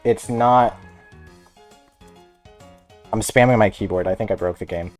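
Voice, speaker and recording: A man's voice: on the low side, measured pace, music in the background. A man giving let's play commentary as a gaming host, laughing often, rambling and reading game text aloud. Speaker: gaming youtuber.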